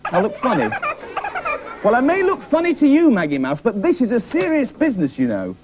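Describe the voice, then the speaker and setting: A man presenting a children's puppet show, chatting excitedly with the puppets. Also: very high-pitched, a little fast, very noisy.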